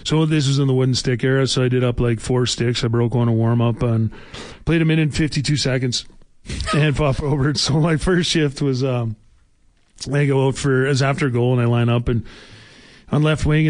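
A man's voice: mid-range voice, darkish tone, no room sound. Rambling man telling hockey stories. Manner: rambling, filler-heavy anecdotes. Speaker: former hockey player guest. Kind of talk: casual storytelling.

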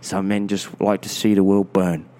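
A grave older butler, speaking low and dry, as a podcast host puts him on. The delivery is measured and solemn. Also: male voice, little pitch movement, mellow, lightly acted.

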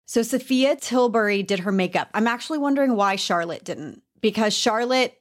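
A woman with a Southern US accent holds forth on a casual gossip podcast. Her voice sits a little high, and she is animated and frank, swearing freely. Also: normal speed. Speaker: podcast co-host, beauty writer.

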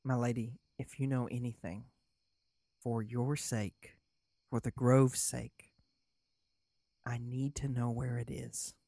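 High elf, formal and urgent, played by a man, dry sound. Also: steady tone, slow pace, pauses often, darkish tone, no room sound. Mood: solemn. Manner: solemn and formal, turning frantic.

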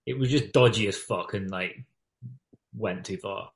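A man's voice: lowish voice, measured pace. A man chatting on a podcast with dry, offhand humour and frequent laughs. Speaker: podcast co-host. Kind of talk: casual banter.

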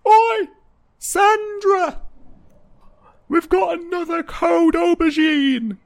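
A man doing a shouting, officious male keeper. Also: on the high side, normal speed, dry recording, pitched above the performer's own voice, natural voice. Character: fussy, bossy male keeper shouting down a pipe.

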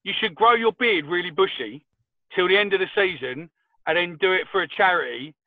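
Give me a high-pitched, foul-mouthed man over a thin, phone-like line, spinning chatty anecdotes. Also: brisk, no room sound. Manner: swears freely, animated anecdotes. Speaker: podcast co-host. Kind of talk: casual chat.

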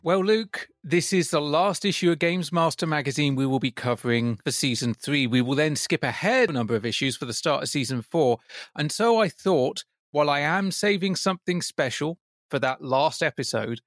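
A man's voice: fairly high pitch, animated, normal speed, no echo, clean studio sound. A man co-hosting a casual retro gaming podcast, wry and joking as he reads out old magazine letters. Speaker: podcast co-host.

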